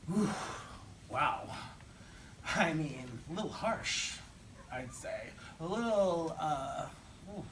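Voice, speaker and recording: A man's voice: on the high side, expressive, slow, a bit bright, recorded from a distance, slight background noise, rough recording. A man performing a theatrical monologue in an intense, probing, rhetorical manner.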